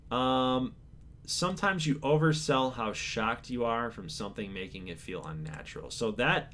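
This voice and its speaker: A channel host chats casually to camera, reading out viewer survey answers in a laid-back, chill way. He calls his own voice monotone, chuckles now and then, and speaks at medium pitch.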